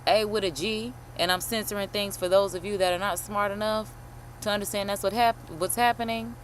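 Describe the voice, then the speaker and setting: A woman host chatting casually while reacting to a video, animated and slangy, swearing and calling listeners honey. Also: mid-range voice, fairly quick, slight background noise. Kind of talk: casual chat.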